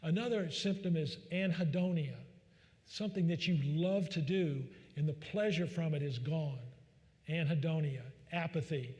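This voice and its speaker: Folksy doctor in an echoing hall. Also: male voice, a little high, normal speed, a little mellow. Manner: folksy, joking, many fillers. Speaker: physician speaker. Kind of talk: public talk with anecdotes. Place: large church hall. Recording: long reverb of a large hall.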